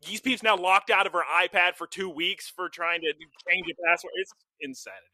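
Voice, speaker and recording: A man's voice: high-pitched, steady tone, a little fast, gravelly, pushed and bright, dry recording. Young male podcast co-host, chatty storyteller, dry close sound. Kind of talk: casual chat.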